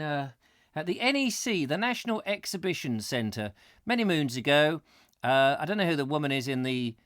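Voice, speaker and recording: A man's voice: fairly high pitch, a bit bright. A middle-aged man hosting a live chat show, chatty and theatrical with rambling asides while he reads out viewer comments. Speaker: host.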